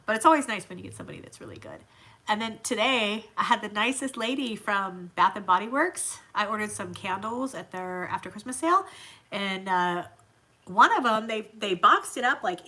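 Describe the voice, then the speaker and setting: A woman hosts a relaxed livestream, talking easily and answering comments from her viewers. Her voice is bright and forward, and she laughs often as she chats. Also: mid-range voice. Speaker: livestream host. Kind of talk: casual livestream chat.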